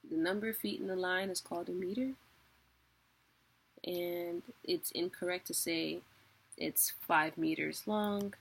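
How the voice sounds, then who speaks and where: Slow-talking woman with a gravelly voice. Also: fairly low pitch, slight background noise. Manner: relaxed, chatty, laughs often, fillers like "like" and "um". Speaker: teacher of a weekly online class. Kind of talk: casual spoken lesson.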